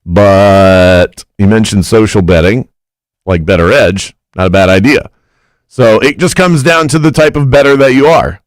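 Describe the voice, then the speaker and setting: A man's voice: lowish voice, a little slow, dry recording, low-quality recording. A man co-hosting a sports talk radio show, chatty and self-assured as he talks through betting.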